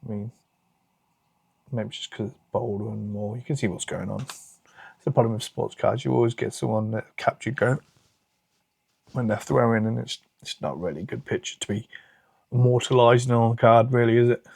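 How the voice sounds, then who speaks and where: A man's voice: medium pitch, steady tone, normal speed, creaky, long pauses, darkish tone, breathy edge, dry recording. A British man with a British accent hosting a casual card-opening video, chatting and muttering asides to himself. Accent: British English. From United Kingdom. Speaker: card collecting channel host.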